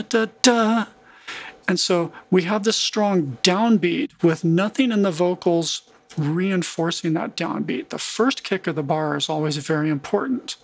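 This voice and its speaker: A man's voice: high-pitched, gravelly. Man explaining audio editing. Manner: relaxed, explains rhythm by humming da-da syllables. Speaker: music production tutor. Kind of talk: screen-recorded software tutorial.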